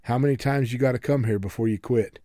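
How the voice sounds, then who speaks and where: A man's voice: medium pitch, quick pace, warm tone, no room sound, clean studio sound, close to an everyday voice. A man voicing an elderly Italian immigrant grocer with an Italian accent and a raised, pleading voice.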